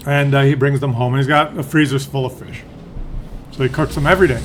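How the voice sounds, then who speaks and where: A man with a fairly high voice rambles through stories as he plays a tank game, drifting off mid-sentence and circling back. His talk is loose and unscripted, with a faint hiss of noise in the background. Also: fairly quick, fairly bright tone. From Ontario, Canada. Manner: meandering storyteller, drifts off and loses his thread. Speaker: gaming channel host. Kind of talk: rambling chat while playing a tank game.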